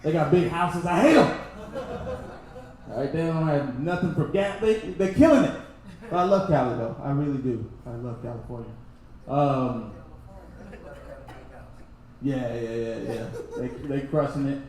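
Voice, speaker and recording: A young adult man from Texas doing a loose, laughing stand-up set that keeps jumping into loud impressions. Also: medium pitch, moderate pace. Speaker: stand-up comedian. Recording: very echoey room, faint noise.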